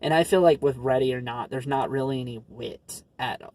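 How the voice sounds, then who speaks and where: A man bluntly and sarcastically trashing movies in a casual chat, often pausing on fillers. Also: medium pitch, a little mellow, a little hiss or hum. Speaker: co-host.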